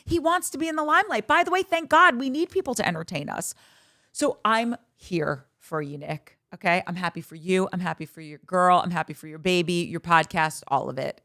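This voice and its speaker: A woman's voice: lowish voice, brisk, pushed and bright, dry recording, clean studio sound. A woman in her thirties hosting a podcast in casual chat, candid, bawdy and gushing as she talks. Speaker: podcast host.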